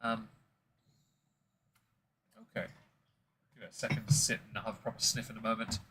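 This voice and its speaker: A man's voice: lowish voice, fairly even intonation, normal speed, background noise. A man hosting a casual whisky tasting stream, rambling and joking with many fillers.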